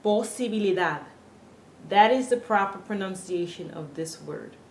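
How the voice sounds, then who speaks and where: A woman's voice: lowish voice, lively intonation, normal speed, vocal fry. A woman teaching Spanish pronunciation to English speakers, patiently repeating each word for practice. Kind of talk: pronunciation lesson. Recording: echoey room with faint ambient noise.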